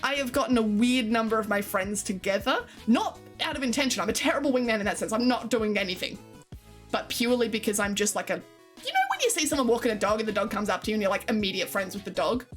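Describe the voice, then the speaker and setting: Young woman, streamer, high voice, exaggerated delivery, casual swearing, faint music behind. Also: expressive, fast talker. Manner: swears casually, laughs often. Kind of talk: casual live-stream chat.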